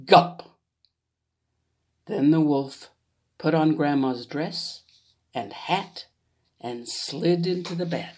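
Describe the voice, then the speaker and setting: Slow, low-voiced woman reading a storybook. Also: darkish tone. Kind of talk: storybook read-aloud.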